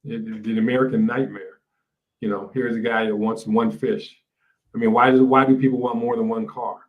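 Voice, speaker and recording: Life coach guy chatting, lots of um and you know, mid pitch. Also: level tone, moderate pace, narrow, tinny audio. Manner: reflective, many fillers and restarts. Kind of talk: casual interview talk. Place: lives in a large city.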